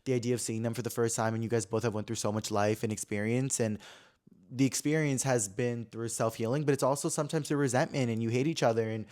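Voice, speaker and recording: A young podcast host in his twenties tells a story about himself at a fast pace, his mid-range voice steady and darkish in tone. It's a chatty, filler-laden storytelling session that veers from dramatic to subdued.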